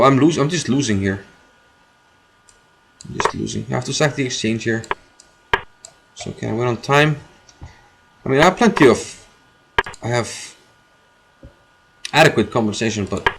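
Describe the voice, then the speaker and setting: A man streaming his own chess game, commenting live as he thinks aloud, repeating phrases and filling pauses. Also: mid-range voice, creaky, background noise.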